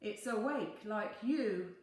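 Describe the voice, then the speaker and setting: Woman putting on a weary big mouse for a storybook, firm and loud, slow, very echoey room. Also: medium pitch, animated. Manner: firm, matter-of-fact, loud. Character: grown-up weary male mouse, firm and patient. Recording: very echoey room, faint hum.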